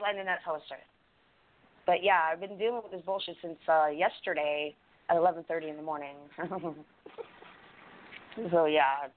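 A woman co-hosting a podcast, talking in a blunt, profane, rambling way. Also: low voice. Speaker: podcast co-host. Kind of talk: casual podcast chat. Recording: tinny phone-line call-in audio.

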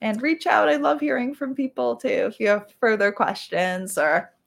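A woman's voice: on the high side, normal speed, creaky. A woman guest on a radio show, an author and podcaster, talking in a friendly, informal way. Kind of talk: casual radio interview.

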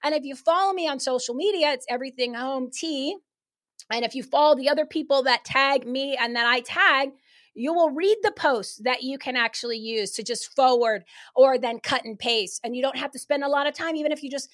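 Fired-up high-voiced woman. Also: a bit bright. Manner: fired-up, rapid, emphatic. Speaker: guest activist. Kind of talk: casual talk-show chat.

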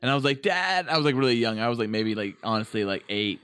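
A young man co-hosting a podcast, telling a story in casual chat, animated and swearing, acting out voices. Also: mid-range voice, fast, clear, resonant tone, no room sound. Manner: swears a lot, laughs while telling. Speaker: podcast co-host.

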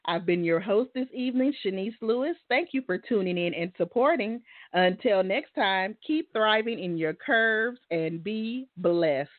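A woman's voice: medium pitch, animated, measured pace, hardly any pauses, no room sound. A woman hosting a casual interview in a loose, friendly, conversational way. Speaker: host. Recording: dry phone-like sound.

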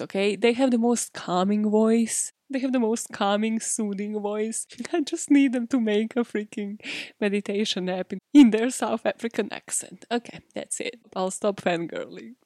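A woman's voice: mid-range voice, dark tone, dry recording, clean studio sound. A woman hosting a casual true-crime podcast, chatty and self-mocking, laughing often and swearing freely. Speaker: podcast host.

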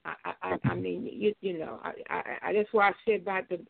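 An older woman calling in to a talk show, speaking haltingly with many hesitations and restarts. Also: fairly low pitch, steady tone, vocal fry. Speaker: caller. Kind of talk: call-in radio commentary. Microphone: phone. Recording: tinny phone line.

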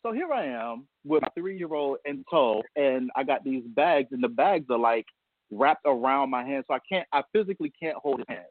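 A man's voice: mid-range voice, animated, normal speed, no room sound. Male guest, heartfelt storyteller, laughs through it, dry tinny phone line. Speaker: guest, a father. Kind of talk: casual radio interview.

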